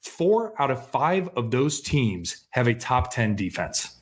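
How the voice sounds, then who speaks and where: A man co-hosting a fantasy football podcast, talking in excitable, profane, casual sports chat. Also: mid-range voice, takes it slowly, slight background noise. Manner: excitable, swears freely, laughs at himself.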